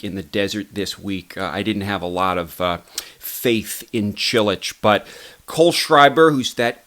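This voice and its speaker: Low-voiced, rambling male host. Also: a bit bright. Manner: chatty, rambling, frequent "uh" fillers. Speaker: host and professor. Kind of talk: casual video commentary.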